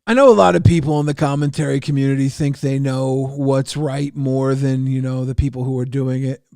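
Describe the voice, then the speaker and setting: A man's voice: medium pitch, steady tone, fairly quick, vocal fry, a little mellow, clear, resonant tone, dry recording, clean studio sound. A man hosting a livestream talk show, reading donations with a wry, stammering manner. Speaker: livestream host.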